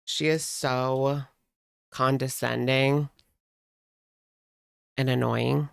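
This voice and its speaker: A woman in a casual commentary video, unhurried and drawling, her voice slipping into a gravelly fry. She sounds sarcastic and chatty and keeps reaching for "like." The sound is dry and close, with no room around her. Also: a bass voice, no echo. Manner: sarcastic, chatty, heavy use of "like". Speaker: commentary host.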